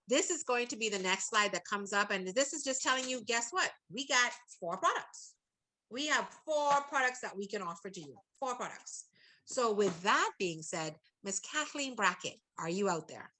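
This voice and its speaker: A woman leading an online training call, animated and playful, teasing participants by acting out what they might be thinking. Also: mid-range voice, normal speed, slight background noise, poor audio. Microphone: video call.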